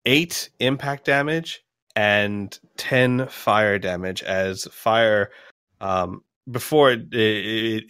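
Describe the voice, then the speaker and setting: Male game master, unhurried and rambling, dry close mic. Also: on the low side, clean tone, no room sound. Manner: rambling, laughs between lines, counts out loud. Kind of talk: narrating a tabletop game.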